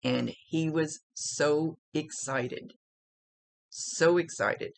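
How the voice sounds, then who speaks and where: A middle-aged psychic medium gives a recorded reading in a very deep, gravelly voice at normal speed. She is chatty, emotional and blunt, and she swears freely.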